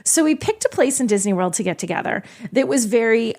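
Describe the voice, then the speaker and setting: A middle-aged woman co-hosting a podcast in casual chat, talking quickly with teasing asides. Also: fairly high pitch, lively intonation, darkish tone. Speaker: podcast co-host.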